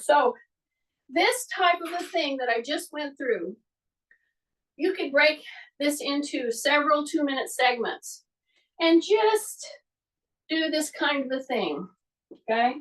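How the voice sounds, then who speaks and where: A woman's voice: sits high, animated, takes it slowly, pauses often, distant mic, rough recording. A middle-aged woman leading a fitness class from her home exercise room, chatty and coaching with repeated cues. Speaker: fitness instructor. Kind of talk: live exercise class instruction. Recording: voice from away from the mic.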